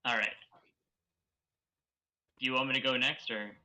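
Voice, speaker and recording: Casting note: man with a very bright, sharp tone, hesitant, filler-heavy chat. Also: medium pitch, fairly even intonation, normal speed, poor audio. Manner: hesitant, lots of ums, reassuring. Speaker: guest reader. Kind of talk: casual reading stream chat.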